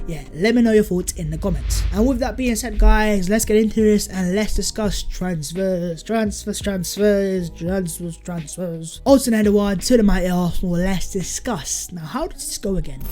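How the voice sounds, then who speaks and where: A young man, talking fast and hyped in a football fan vlog, calling his viewers lads. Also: high voice, dark tone. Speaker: football vlogger.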